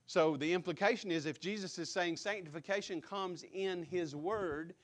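A man preaching from the pulpit in a slightly high voice. He leans hard on repeated words and keeps asking his listeners direct questions. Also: moderate pace. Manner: emphatic, repeats key words, asks the congregation direct questions. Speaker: pastor. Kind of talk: sermon. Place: church sanctuary.

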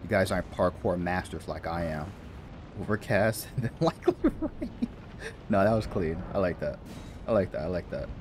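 A man's voice: low voice, normal speed, slight background noise. A man playing a video game and commenting casually, talking to the characters and laughing to himself. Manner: animated, talks to the game, mutters and laughs. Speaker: gaming YouTuber. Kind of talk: casual let's-play commentary.

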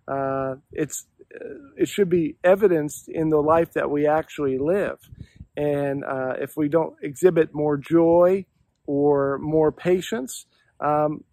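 A man's voice: a little high, no echo. Earnest man giving a devotional talk. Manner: earnest, reflective, posing questions to listeners. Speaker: pastor.

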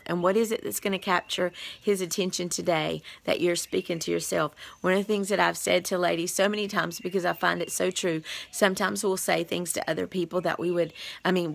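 Low gravelly woman teaching. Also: fairly even intonation, a little fast. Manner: conversational, talks straight to listeners, reads scripture aloud. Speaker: devotional teacher. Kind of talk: casual devotional Bible teaching. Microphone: streaming over the internet.

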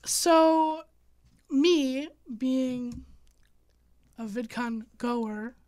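Dry sarcastic young woman, high voice. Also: drawn-out words, dry recording. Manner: sarcastic, deadpan, many fillers. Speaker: podcast host. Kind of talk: casual podcast chat.

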